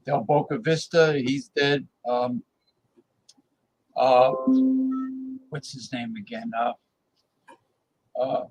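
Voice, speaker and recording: A man's voice: mid-range voice, slow pace, pauses often, breathy edge, low-quality recording. A man from New Jersey hosting a casual talk show, rambling and stalling on many fillers as he hunts for words. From New Jersey, USA. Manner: rambling, full of hesitant fillers. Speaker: host.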